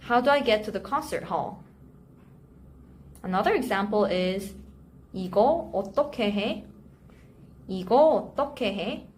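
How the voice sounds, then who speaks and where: A woman teaching a language lesson, repeating example sentences slowly and carefully before translating them. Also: medium pitch. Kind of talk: slow, clear language lesson. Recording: faint background noise.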